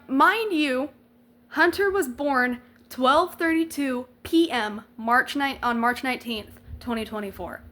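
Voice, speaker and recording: A woman's voice: high voice, fairly bright tone. A young adult woman vlogger telling a personal story in a candid, emotional way, swearing freely and using slang and lots of likes.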